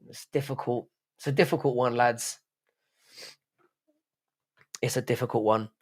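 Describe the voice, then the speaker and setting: A man's voice: mid-range voice, fairly even intonation, unhurried. A man with a strained throat hosting a livestream, reading out chat and bantering back in a laddish, sweary way. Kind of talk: casual live stream chat.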